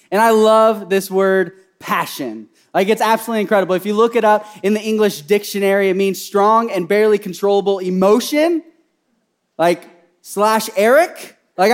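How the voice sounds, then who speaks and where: A man with a strikingly high voice preaches to his congregation in a bubbly, excitable way. He keeps checking in with the room with "right?" and chains his thoughts together with "like". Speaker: pastor. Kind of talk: energetic sermon to a church congregation.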